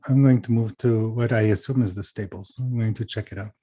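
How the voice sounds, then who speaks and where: A man's voice: lowish voice, fairly even intonation, a little fast, dark tone. A man playing a tabletop game, stating his character's moves briefly and plainly. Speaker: player.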